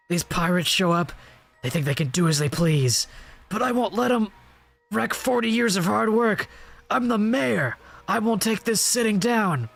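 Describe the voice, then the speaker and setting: A man's voice: high voice, vocal fry, a bit bright, pitched above the performer's own voice, heavily acted. A man reading aloud as a defiant, stubborn old male town mayor from a comic, in a raised old-man voice.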